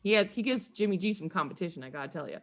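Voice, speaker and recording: A woman guest on a podcast, telling stories in a lively, chatty way, laughing often and acting out quotes. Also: lowish voice, rapid-fire, noisy background. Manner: animated, laughs often, acts out quoted voices. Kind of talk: casual storytelling chat.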